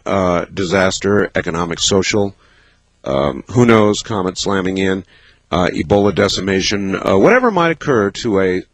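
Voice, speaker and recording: A man hosting a late-night call-in radio show from a studio, musing and halting as he thinks aloud. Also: fairly low pitch, dry recording, poor audio. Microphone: studio microphone.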